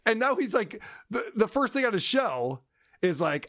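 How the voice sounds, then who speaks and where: A man's voice: high-pitched, very animated, normal speed, a bit bright, dry recording, clean studio sound. A man hosting a podcast, recapping a feud with crude, laughing sarcasm. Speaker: podcast host. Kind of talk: mocking podcast commentary.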